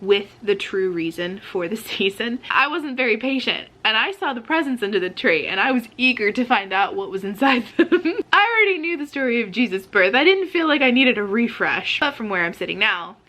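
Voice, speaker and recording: A woman's voice: on the high side, lively intonation, a little fast, hardly any pauses, sharp tone. An American woman hosting her own vlog, chatting casually with friendly asides to viewers. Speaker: vlogger host.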